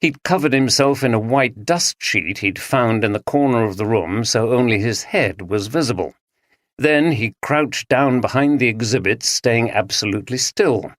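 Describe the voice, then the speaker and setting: A man narrating a mystery audiobook in a measured, even storytelling manner. His voice sits in a middle pitch, and the recording is dry and close with no room sound. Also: no echo.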